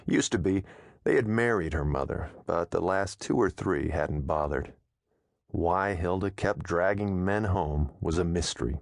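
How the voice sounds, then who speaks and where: A man narrating an audiobook in a steady, measured storytelling manner, close to a studio mic. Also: low-pitched, vocal fry, no echo.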